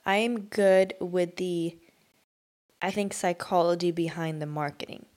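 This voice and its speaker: Young woman on a podcast, lowish voice, laid back and playful. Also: steady tone, measured pace, a little mellow. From Sweden. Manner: easygoing, playful, chatty. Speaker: podcast co-host. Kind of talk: casual chat.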